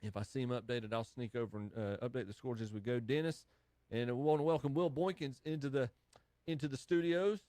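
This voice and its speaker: A man hosting a live radio scoreboard show, running through high school football scores in casual studio banter and laughing often. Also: fairly quick, dark tone, no room sound. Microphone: studio microphone.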